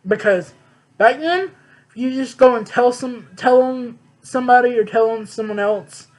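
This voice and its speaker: A man's voice: very high-pitched, moderate pace, poor audio. A young man vlogging, telling a personal story in a blunt, candid way and swearing freely. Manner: blunt, profane, emphatic.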